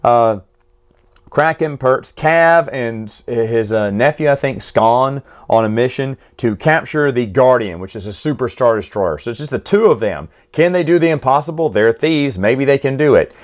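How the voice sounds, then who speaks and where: A man's voice: medium pitch, lively intonation, moderate pace. Man, mid-range voice, casual opinionated reviewer, loose and chatty delivery. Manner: chatty, opinionated, with frequent self-corrections. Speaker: book and comic reviewer.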